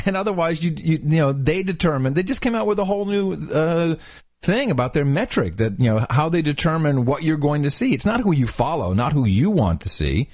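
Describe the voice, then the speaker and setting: A man co-hosting a podcast in casual chat, animated and laughing often as he reads aloud. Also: fairly high pitch, a little fast, no echo, studio quality. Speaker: podcast co-host.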